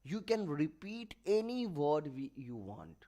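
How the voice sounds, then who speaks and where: A man teaching Arabic grammar in English in an online lecture, explaining slowly and repeating terms to drive them home. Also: on the high side, big pitch swings, background noise. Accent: South Asian English.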